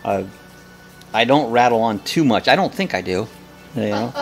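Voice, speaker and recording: A man's voice: mid-range voice, expressive, normal speed, creaky, soft background music. A man hosting a live coffee chat, blunt and jokey, laughing often as he reads viewer comments. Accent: American.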